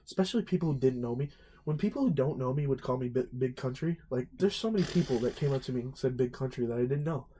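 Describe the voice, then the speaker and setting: A man's voice: mid-range voice, quick pace, slight background noise. A young man, co-hosting a podcast in casual, profane chat and acting out stories. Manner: swearing, animated storytelling with quoted voices. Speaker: podcast co-host.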